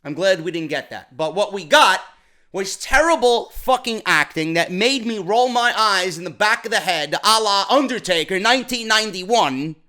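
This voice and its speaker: A man tears into a wrestling broadcast in a blunt, profane solo review, exasperated and stumbling over repeated words as he goes. His voice sits high for a man and has a bright, sharp edge. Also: lively intonation, moderate pace. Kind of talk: ranting solo show review.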